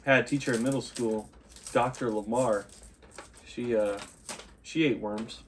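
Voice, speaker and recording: A young man hosting his own vlog, chatting casually in a relaxed, rambling way and laughing often. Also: medium pitch, a little slow, slight background noise. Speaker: vlog host.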